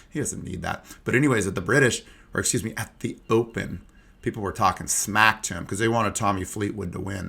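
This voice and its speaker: A man's voice: on the low side, creaky, fairly bright tone. A young adult man hosting a casual golf podcast, chatty and loose, full of asides and fillers. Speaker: podcast host.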